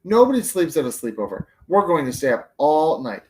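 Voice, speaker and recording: A man's voice: on the high side, big pitch swings, brisk. A man voicing a grumpy young male ape who protests in a huffy way.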